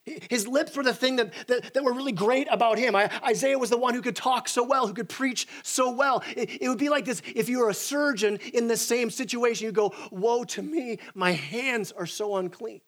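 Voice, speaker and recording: A young man, a pastor, preaching a sermon in an animated way, with frequent restarts and acted-out quotes. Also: extremely high pitch, brisk, hardly any pauses.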